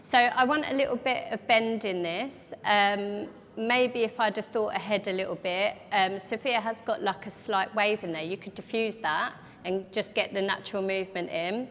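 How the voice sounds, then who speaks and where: A woman's voice: mid-range voice, normal speed, few pauses, fairly bright tone. Woman stylist, step-by-step demo voice, hall echo. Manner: practical, explaining steps as she works. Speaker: hairdresser educator. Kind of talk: live haircut demonstration. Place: large event hall. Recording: echoey hall with faint background noise.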